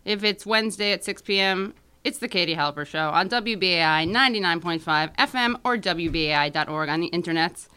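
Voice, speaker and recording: A woman's voice: lowish voice, a little fast, hardly any pauses, pushed and bright, clean tone. A woman hosting a radio talk show, chatting casually and effusively in the studio.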